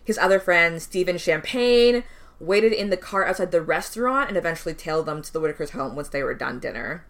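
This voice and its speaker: A woman's voice: fairly low pitch, brisk. A young woman co-hosting a casual true crime podcast, narrating a case with many ums. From West Indian family, immigrant parents. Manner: relaxed storytelling with frequent ums, laughs between lines.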